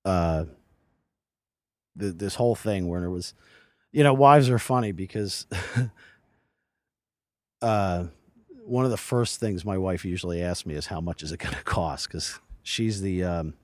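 A man in his forties speaks in a low, dry voice with no room sound around it. He talks earnestly and rambles, restarting his sentences as he goes. This is a casual interview recorded outdoors beside a lake. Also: a little slow, pauses often, dry recording. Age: 40s. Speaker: podcast guest.

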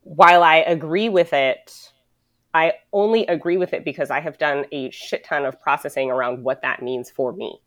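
A woman's voice: low-pitched, normal speed, no room sound. A woman from the United States in a casual, reflective conversation, rambling and full of "like", swearing now and then.

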